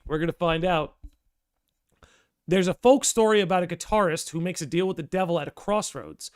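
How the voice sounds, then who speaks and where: A young man with a notably high voice hosts a casual livestream. He talks in a chatty, excitable way, thinking aloud and restarting his sentences as ideas come. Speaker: podcast and livestream host.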